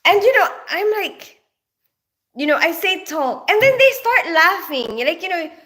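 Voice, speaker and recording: This livestream host speaks at an extremely high pitch, expressive and a bit bright, at a moderate pace. She is Filipina with a matching accent, casually chatting, laughing, and calling out viewers by name as she reads the chat.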